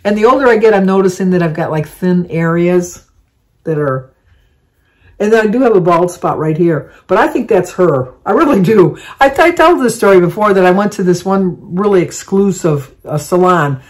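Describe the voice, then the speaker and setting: A woman's voice: lowish voice, lively intonation, normal speed, darkish tone. An older woman rambles cheerfully to her camera at home, drifting from one small aside to the next. Her talk is loose and chatty, like a daily vlog catch-up. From Michigan. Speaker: vlogger. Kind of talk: casual chat to camera.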